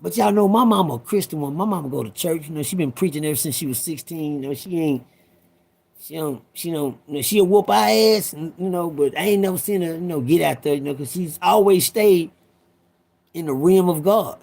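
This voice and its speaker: A man's voice: fairly high pitch, brisk, creaky, a little mellow. A man in his fifties telling a personal story in a rambling, profane way, talking straight to his listeners. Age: 50s.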